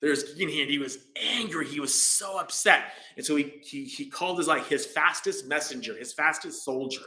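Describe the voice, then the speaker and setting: A man's voice: fairly high pitch, moderate pace, sharp tone. Casual man telling a dharma story. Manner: casual, rambling, many fillers. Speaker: meditation teacher. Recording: roomy echo.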